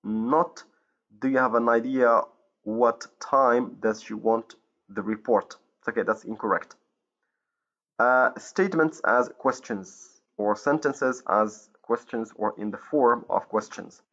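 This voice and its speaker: A man from Morocco teaching an English grammar lesson, pausing often with fillers and correcting himself, in a dull lo-fi recording. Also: mid-range voice, a bit bright. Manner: hesitant, many fillers and self-corrections.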